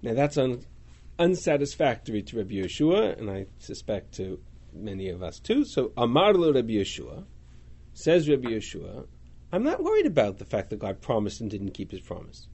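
With a medium-pitched, slightly rough voice at normal speed, a man teaches a Talmud class. He reads the Hebrew and Aramaic aloud animatedly, translating and questioning as he goes.

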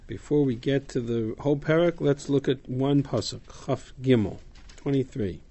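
A man's voice: mid-range voice, moderate pace, dark tone, husky. A male teacher giving a text-study class to students, reading verses aloud, translating them and explaining them. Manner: fields student questions casually.

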